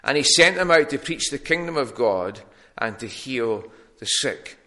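Bright-voiced male preacher with hesitant restarts. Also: mid-range voice, expressive, a little slow. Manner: plain teaching tone with frequent ums and restarts. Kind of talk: sermon.

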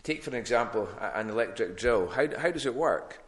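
A man's voice: medium pitch, animated, fairly quick. A man preaching a sermon in a plain teaching tone, with frequent ums and restarts.

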